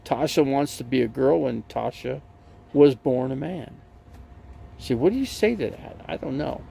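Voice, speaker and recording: Male live streamer, heavy gravel, lively up-and-down delivery, rambling casual storyteller. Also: medium pitch, normal speed, slight background noise. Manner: rambling storyteller, many fillers and restarts.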